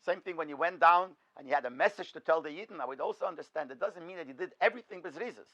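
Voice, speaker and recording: A man's voice: fairly high pitch, rapid-fire, pushed and bright, highs cut off. A man, a rabbi, giving an in-depth Torah lecture, posing questions and then answering them himself. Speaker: rabbi teaching a class.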